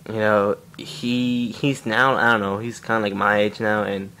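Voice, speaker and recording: A man's voice: fairly low pitch, flat delivery, a little slow, pushed and bright. A young man casually telling a story on his own channel, rambling with lots of fillers and swearing. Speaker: vlogger.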